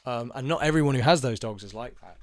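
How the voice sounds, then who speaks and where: A young man talks through a personal story in a loose, unscripted monologue. He rambles, restarts his sentences and swears freely. His voice sits at a middle pitch, and the sound is dry and close with no room echo. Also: animated, fast talker. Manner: rambling, frank and profane, with many fillers and restarts. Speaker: channel host telling personal stories. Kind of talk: casual monologue.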